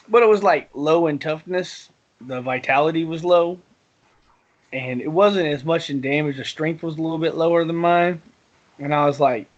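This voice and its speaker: A man's voice: on the high side, normal speed, lo-fi sound. A man telling a rambling gaming story on a casual podcast, laughing often. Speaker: podcast co-host.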